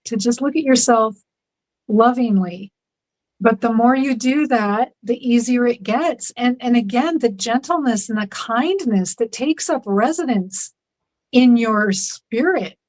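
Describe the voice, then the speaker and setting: Gentle, reflective woman in faith chat. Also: on the high side, poor audio. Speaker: guest.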